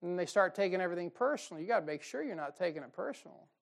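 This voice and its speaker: A man preaching a folksy, emphatic sermon, with sudden loud bursts and mocking quotes. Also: sits high, lively intonation, racing, vocal fry. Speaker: pastor. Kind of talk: fiery sermon.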